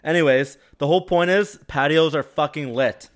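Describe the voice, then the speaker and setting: A man's voice: on the high side, normal speed. A Canadian man co-hosting a casual podcast, easygoing and swearing. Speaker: podcast co-host.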